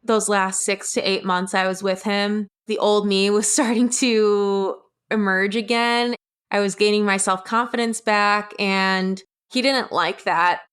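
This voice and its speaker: A woman's voice: medium pitch, fairly even intonation, measured pace, a bit bright, clean tone. A young adult woman, a guest on the show, recounting a personal story in a blunt, candid way and swearing freely. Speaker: podcast guest.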